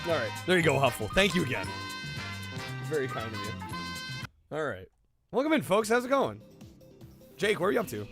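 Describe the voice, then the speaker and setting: A man with a fairly high, creaky voice hosts a casual livestream, chatting easily and thanking viewers. Background music runs under his voice.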